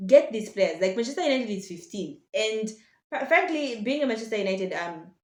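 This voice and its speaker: A woman's voice: on the high side, very animated, a little fast, reverberant. A woman giving casual, opinionated football commentary to her viewers as a vlogger, passionate and blunt. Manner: passionate, blunt, addresses viewers as ladies and gentlemen.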